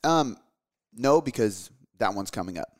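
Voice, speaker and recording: A man's voice: fairly low pitch, lively intonation. A man in his thirties, chatting casually on a podcast and swearing freely. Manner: fast, loose, swears a lot, says dude. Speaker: podcast co-host, father. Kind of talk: casual chat.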